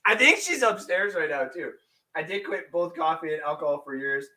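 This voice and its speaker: Brief: bright, high, animated male podcast host, rambling jokey delivery. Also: moderate pace. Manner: rambling, jokey, bursts into shouted bits. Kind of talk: casual sports podcast chat.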